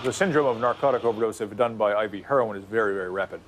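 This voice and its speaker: A man's voice: on the low side, racing, slight background noise. A man explaining a medical process in a clinical, explanatory way in a documentary. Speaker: medical expert.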